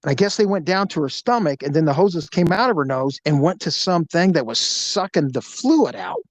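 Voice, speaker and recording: Animated crude man telling a story. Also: fairly high pitch, brisk, no room sound, low-quality recording. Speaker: podcast host.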